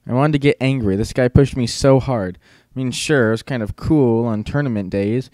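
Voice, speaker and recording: A man's voice: mid-range voice, moderate pace, few pauses, darkish tone, dry recording. A man narrating an audiobook in first person with a wry storytelling manner.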